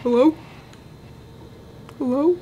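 A woman's voice: high-pitched, takes it slowly, dark tone, a little hiss or hum. A young woman chatting and reacting as she plays a horror game. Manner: chatty, jumpy, talks to the game. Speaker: gaming YouTuber. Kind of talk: let's play commentary.

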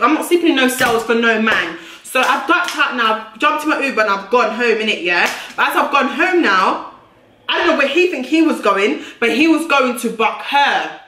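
A young woman tells a storytime to her channel, blunt and brash, swearing freely. Her voice is bright and forceful, sitting a little high, and it bounces around an echoey room. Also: slight background noise. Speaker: YouTuber. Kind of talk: storytime vlog.

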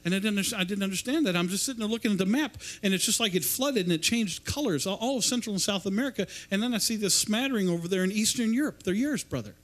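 A male preacher with a notably high voice. He speaks loosely and conversationally, stumbling over and repeating his words as he goes. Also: fast, hardly any pauses. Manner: rambling, repeats and restarts words. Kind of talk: informal sermon. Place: church service.

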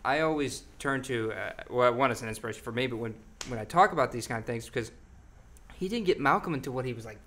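A man co-hosting a casual interview, reflecting out loud and often restarting his sentences. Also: mid-range voice, quick pace, slight background noise. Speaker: podcast co-host.

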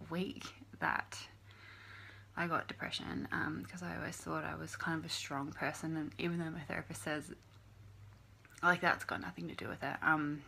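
A young YouTuber facing the camera, husky and gravelly, with a low voice for a woman. She halts and restarts, fills gaps, and swears freely. Her tone is bright and edgy. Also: slight background noise, exaggerated voice. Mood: subdued. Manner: halting, many fillers, swears often. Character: young woman YouTuber, depressed, bullied by trolls. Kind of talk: confessional vlog monologue in a short film.

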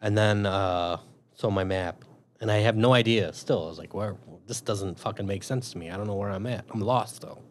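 A man's voice: fairly low pitch, moderate pace, slight background noise. A man, an army veteran and police officer, telling a long story in a casual interview, swearing freely and acting out what he thought back then. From Chicago. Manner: profane, animated storyteller acting out his own past thoughts.

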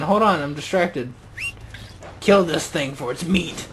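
Goofy, excitable gamer guy. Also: fairly high pitch, slow pace, a little hiss or hum. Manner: goofy, excitable, self-mocking jokes. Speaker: let's play gamer. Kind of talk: gameplay commentary.

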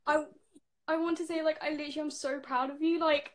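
A young woman from the United Kingdom, a fan on a live stream call, starstruck and breathless with excitement. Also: high-pitched, fairly quick.

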